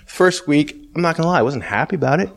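A man's voice: fairly high pitch, expressive, quick pace, gravelly. A man giving a personal faith testimony in a conversational, storytelling way, acting out dialogue in shifting voices and often checking in with asides. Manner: frequent asides like "okay?" and "you know".

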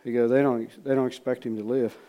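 A man preaching in a storytelling way, folksy and repetitive, swinging from loud re-enactment to hushed asides. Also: mid-range voice, little pitch movement, fairly quick. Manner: repeats words, folksy speech. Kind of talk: storytelling sermon.

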